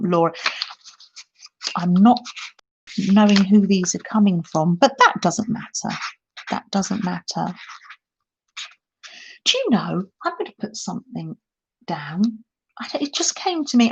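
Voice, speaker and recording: A woman's voice: medium pitch, expressive, unhurried, long pauses, muffled recording. A middle-aged woman hosting a casual craft live stream, chatting and reading viewer comments aloud with frequent laughs. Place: holiday home, indoors at a craft table. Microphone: laptop mic.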